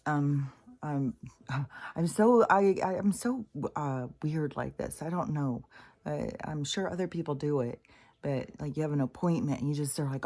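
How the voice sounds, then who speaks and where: A woman vlogs to camera from her home living room beside the couch late at night, her voice low and mellow at a moderate pace. Restless and rambling, she curses openly, laughs at herself, and sometimes slips into a whisper.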